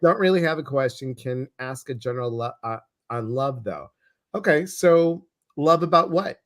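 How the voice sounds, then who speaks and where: A man with a Chicago accent, co-hosting a casual livestream, reading viewer comments in a chatty, animated way that repeats phrases for emphasis. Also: mid-range voice, moderate pace. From Chicago, US Midwest.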